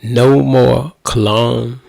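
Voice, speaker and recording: A male pastor talks straight to husbands in a loose, joking manner and acts out little scenes as he goes. His voice is heavily gravelly and a bit husky. The sound is dry and close, with no room echo. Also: mid-range voice, steady tone, very slow, a little mellow. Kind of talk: casual marriage talk to men.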